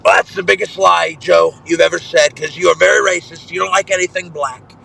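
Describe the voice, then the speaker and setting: A man's voice: sits high, fairly even intonation, fairly quick, bright, forceful tone, heavily acted, low-quality recording. A man doing an impression of a boastful, brash male president in a recorded voice message, bragging and repeating himself. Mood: mocking. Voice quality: gravelly, bragging, repetitive. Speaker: listener sending a voice message.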